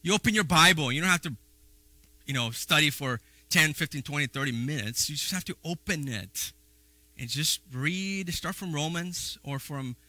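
A man preaching a sermon in a folksy, animated way, with playful asides and frequent restarts. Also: on the high side, normal speed, no room sound. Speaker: pastor.

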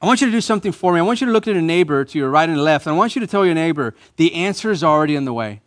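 A man preaching a sermon as a pastor in a church, emphatic, repeating key phrases and rising to louder bursts. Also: fairly high pitch, animated, rapid-fire.

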